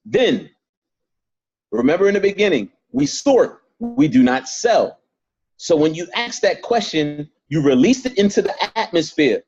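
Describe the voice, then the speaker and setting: A man's voice: high voice, big pitch swings, measured pace, darkish tone, slightly rough, dull audio. A man leading a network marketing training on a video call, emphatic and repetitive, speaking straight to his group. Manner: emphatic, repeats points, talks straight to the group.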